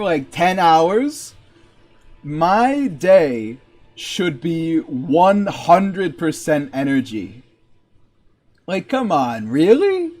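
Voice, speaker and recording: A man's voice: fairly high pitch, darkish tone. A young man from Massachusetts, a game streamer, rambling and joking in casual chat full of fillers while he plays.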